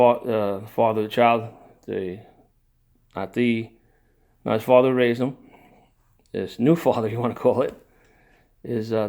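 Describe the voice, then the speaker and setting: A man's voice: on the low side, gravelly, darkish tone. An older man telling a personal family story in a rambling, digressive way, with sighs, restarts and emotion. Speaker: narrator of his own family story.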